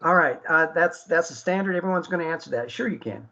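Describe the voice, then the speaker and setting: A man's voice: a little high, expressive, fast, bright, forceful tone, dull audio. A man hosting an internet radio talk show, speaking earnestly with many fillers and restarts.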